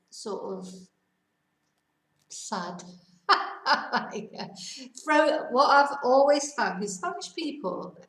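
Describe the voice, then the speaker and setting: A middle-aged woman giving a casual, rambling lesson, slowing down to model Spanish phrases for learners. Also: fairly high pitch, vocal fry, reverberant, recorded from a distance, low-quality recording. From United Kingdom. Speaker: Spanish teacher.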